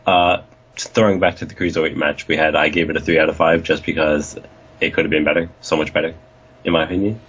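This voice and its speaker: A man's voice: rumbling low, flat delivery, fast talker, fairly bright tone, slight background noise. A young man co-hosting a casual wrestling review podcast, rambling and joking with plenty of swearing. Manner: rambling, jokey, profane. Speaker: podcast co-host. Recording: dull lo-fi recording.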